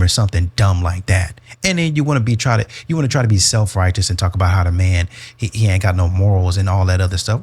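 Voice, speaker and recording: Blunt scolding man with a low voice. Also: fast talker, a little mellow. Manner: scolding, repetitive, mocking. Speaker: reaction video host. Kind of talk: blunt commentary on clips.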